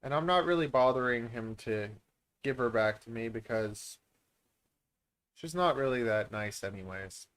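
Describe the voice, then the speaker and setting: A man's voice: mid-range voice, expressive, measured pace, a bit bright, smooth. A man from Canada, a reptile breeder hosting a casual live-stream Q&A, who rambles and pokes fun at himself between lots of filler words. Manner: rambling, self-deprecating, many filler words. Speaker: reptile breeder and channel host.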